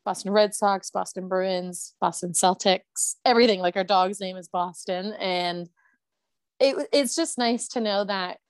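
A woman's voice: mid-range voice, measured pace, no room sound. A woman co-hosting a casual chat podcast, gushing and giggly. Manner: gushing, giggly, says "oh my God" a lot. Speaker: podcast co-host.

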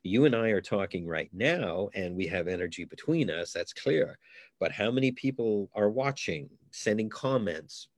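Deep-voiced rambling comedian. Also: male voice, animated, moderate pace, no room sound, studio quality. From Canada. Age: middle-aged. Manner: rambling, anecdotal, many restarts. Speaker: comedian guest. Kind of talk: casual interview chat.

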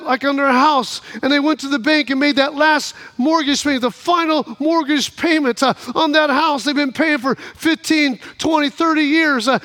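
Male pastor, very high bright voice, storytelling sermon with rising exhortation. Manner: storytelling, rising to excited exhortation, frequent "uh" fillers.

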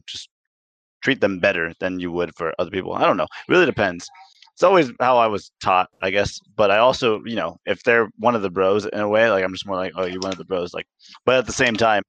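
A man's voice: low voice, a bit bright. A young man talking hesitantly in a casual group call, with lots of "I mean" and trailing off. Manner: hesitant, self-effacing, many "I mean". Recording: dry dull call audio.

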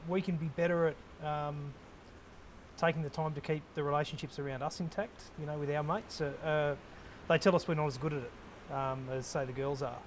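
Male moderator, slightly high, soft and hesitant, faint ambience. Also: fairly even intonation, a little fast, a little hiss or hum. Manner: hesitant, soft-spoken questions with fillers.

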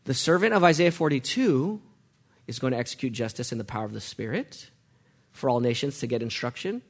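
A man's voice: mid-range voice, expressive, fairly quick. A man preaching a sermon, asking the congregation questions as he goes and letting them call out the answers. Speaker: pastor.

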